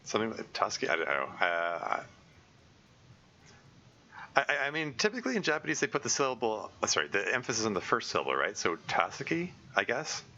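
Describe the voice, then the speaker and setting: A man's voice: fairly low pitch, huge pitch swings, fairly quick, bright, forceful tone, dull audio. A man reading a visual novel aloud with commentary, stammering, repeating words and laughing often. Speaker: let's play gamer.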